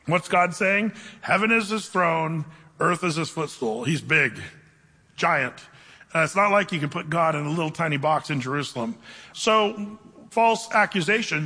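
A man preaching a conversational sermon, teaching the Bible to his congregation and slowing down to read scripture aloud. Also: fairly high pitch, expressive, pushed and bright. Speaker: pastor. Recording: reverberant hall.

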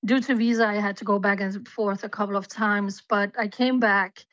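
A woman tells her story to an interviewer, earnest and fervent, now and then pausing with an "um". Her voice comes over a dull, muffled line with no room sound at all. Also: medium pitch, steady tone, a bit bright, no room sound. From Denmark. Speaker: guest, journalist.

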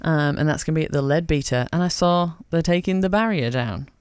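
A man hosts a late-night radio show from a studio, chatty and upbeat, dropping frequent ums. His voice sits a touch high and sounds smooth and clear, close and dry with no room around it. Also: fairly quick, dry recording.

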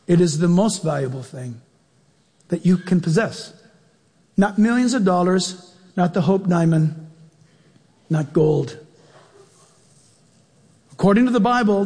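A man preaching a sermon to his congregation, animated and playful, often firing questions straight at the listeners. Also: high-pitched, slightly rough, in a large hall. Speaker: pastor.

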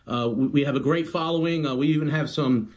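A man's voice: on the high side, a little fast. A man who is a personal trainer, chatting as a guest on a radio show in an upbeat, promotional way with many fillers. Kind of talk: casual interview chat.

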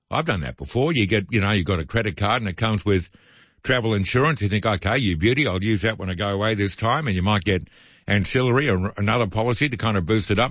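A man's voice: lowish voice, fairly bright tone, no echo, muffled recording. A man hosting talk radio, reading news items and adding sardonic, opinionated asides. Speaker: radio host.

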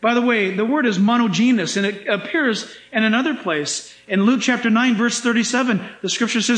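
Male pastor, emphatic sermon, very high voice, echoey church room. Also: fairly quick, few pauses. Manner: animated, emphatic preaching with dramatic asides.

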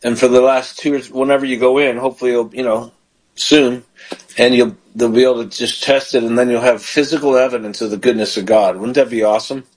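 A man's voice: medium pitch, steady tone, fast talker, poor audio. Fervent male pastor hosting radio prayer. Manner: fervent, prays aloud in bursts of praise. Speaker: radio show host and pastor. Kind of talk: call-in prayer radio show.

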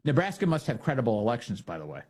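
A man's voice: mid-range voice, huge pitch swings, rapid-fire, darkish tone, breathy edge. A man hosting a political talk show, delivering an opinionated monologue full of sarcasm and mocking impressions of the people he talks about. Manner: sarcastic, mocking, acts out quoted voices. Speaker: political commentary host.

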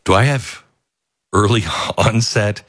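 An older man hosting a talk radio show, rambling and self-mocking as he reads the ads and mocks headlines in high put-on voices. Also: takes it slowly, a bit bright, no echo, clean studio sound. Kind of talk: talk radio monologue with host-read ads.

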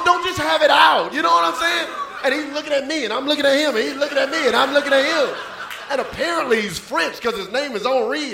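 High gravelly comedian. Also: male voice. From Southern United States. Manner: punchy, repeats "you know what I'm saying", bursts into shouts. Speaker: stand-up comedian. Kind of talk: stand-up comedy. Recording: echoey club with loud audience noise.

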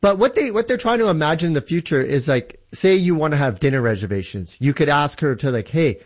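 A man's voice: a little high, lively intonation, quick pace, highs cut off. A man from Canada explaining technology in casual radio chat, enthusiastic and full of examples. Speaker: tech guest.

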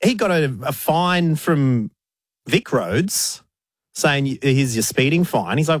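A man's voice: mid-range voice, lively intonation, normal speed, no room sound, studio quality. Wry male storyteller. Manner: wry storytelling, mock voices in quotes. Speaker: radio co-host. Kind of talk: casual banter.

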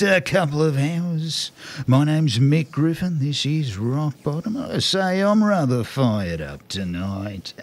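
A man hosting a rock music radio show, chatting casually and upbeat with filler pauses. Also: fairly high pitch.

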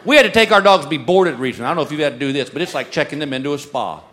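A man doing stand-up comedy with dry, deadpan storytelling. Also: on the high side, rapid-fire. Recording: live club, crowd and noise.

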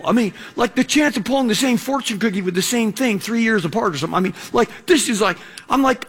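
A middle-aged man preaching a sermon in a conversational way, with lots of fillers, slowing down to read scripture. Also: high voice, expressive, a bit bright, husky. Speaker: pastor.

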